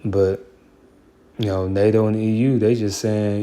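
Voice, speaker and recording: A man's voice: fairly low pitch, measured pace, mellow. A man giving casual Bible commentary, heated and profane, rambling with many fillers like "you know".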